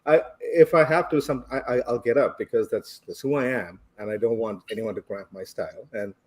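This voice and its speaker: Guy on a podcast, low husky voice, chuckling through a story. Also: brisk, darkish tone. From India. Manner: reflective, chuckles while telling a story. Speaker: podcast guest. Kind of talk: casual storytelling.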